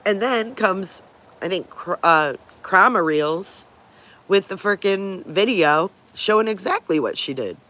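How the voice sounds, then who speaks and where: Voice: mid-range voice, expressive, unhurried, sharp tone. A livestream host chatting casually over morning coffee, stopping often to greet viewers by name and to coo at pet dogs.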